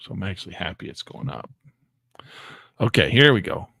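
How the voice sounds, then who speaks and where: A man giving excitable live commentary on his day trades, talking to himself and exclaiming as prices move. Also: low-pitched, moderate pace, vocal fry, breathy edge, dry recording. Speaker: day trading educator.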